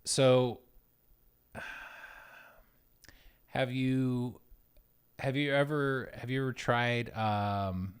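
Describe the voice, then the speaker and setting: A man's voice: medium pitch, steady tone, extremely slow, pauses often, clean tone. A man co-hosting a podcast in casual chat, thoughtful and hesitant, often repeating words. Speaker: podcast co-host.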